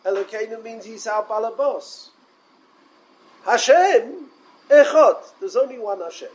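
A man giving a Torah lecture, animated and full of rhetorical questions, mixing in Hebrew and Yiddish terms. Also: extremely high pitch, measured pace, rough recording. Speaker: rabbi.

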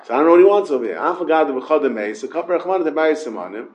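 A man's voice: on the high side, expressive, rapid-fire, darkish tone, poor audio. A man with a Yeshiva English accent teaching an informal Talmud class, mixing Hebrew and Yiddish terms into his English and questioning his students.

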